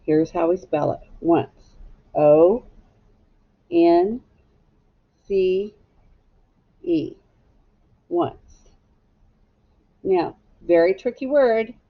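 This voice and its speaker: A woman teacher giving a slow, patient phonics lesson to young children, spelling words out letter by letter. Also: fairly low pitch. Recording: dull lo-fi home video sound.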